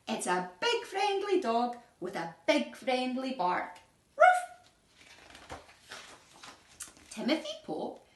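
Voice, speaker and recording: A woman reading a picture book aloud to young children, with a lively sing-song delivery, gasps and questions to her listeners. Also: high voice. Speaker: children's story reader. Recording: echoey room, voice from a distance.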